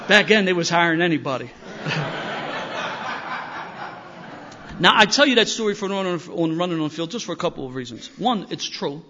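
An older man tells a story in a rough-edged, self-mocking way. His voice sits fairly high for a man, and he gets louder and livelier as the tale builds. The recording sounds dull and lo-fi. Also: lively intonation, normal speed, background noise. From Philadelphia. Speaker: speaker sharing recovery story. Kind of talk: storytelling talk to an audience.

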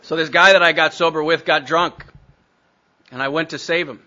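A man's voice: a little high, steady tone, normal speed, bright, forceful tone, muffled recording. A man telling his recovery story to a meeting, blunt and self-mocking. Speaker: speaker sharing recovery story.

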